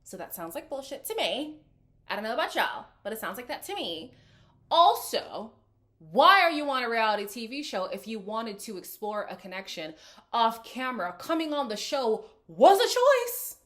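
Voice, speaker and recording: A woman's voice: a little high, sing-song, moderate pace, bright, forceful tone. A woman hosting a reality TV recap, chatting casually and sassily with viewers and laughing often. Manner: sassy, laughing, talks straight to viewers. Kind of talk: casual reaction commentary.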